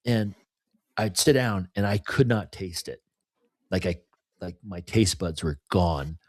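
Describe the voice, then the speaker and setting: Candid low-voiced man chatting on a podcast. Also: a little slow, no room sound. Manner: candid, confessional, rambling with frequent "you know" and "right?". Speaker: podcast co-host. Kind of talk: casual podcast conversation.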